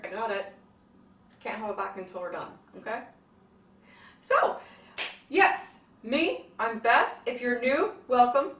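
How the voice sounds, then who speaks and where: A woman hosting her cooking channel in a casual, bubbly vlog, excitable and swearing freely. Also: fairly high pitch. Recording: echoey room, mic at a distance.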